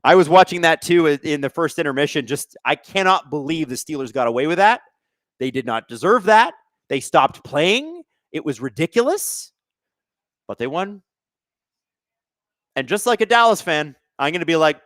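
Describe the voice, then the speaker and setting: A man hosting a live hockey watch-along stream, commenting casually on the play and reading chat, excitable and sarcastic, swearing at the refs. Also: high-pitched, moderate pace, dry recording, clean studio sound.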